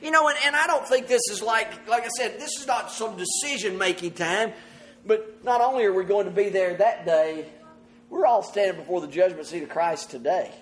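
A man's voice: sits high, moderate pace, a bit bright. A man preaching a sermon to a congregation, earnest and often laughing as he speaks. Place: church service with congregation.

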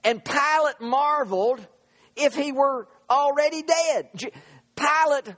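A man preaching a sermon, retelling scripture in a halting way with many repeats and fillers, swinging from hushed lines to shouted ones. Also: extremely high pitch.

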